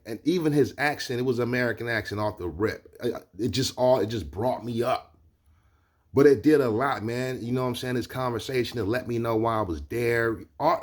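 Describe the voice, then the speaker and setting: A man casually telling a personal story, loose and conversational, with constant check-ins to the listener. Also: medium pitch. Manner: loose and conversational, keeps asking "you know what I'm saying". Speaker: vlogger.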